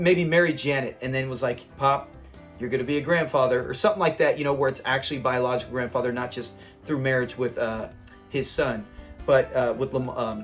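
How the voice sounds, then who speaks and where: A man hosting a classic TV reaction channel, talking in an enthusiastic, rambling and sentimental way. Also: high voice. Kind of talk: casual commentary.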